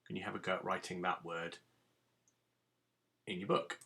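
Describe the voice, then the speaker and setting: A man's voice: deep voice, fairly even intonation, moderate pace, vocal fry, bright, forceful tone. A man teaching a recorded phonics lesson to young children, giving patient step-by-step instructions. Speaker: primary school teacher.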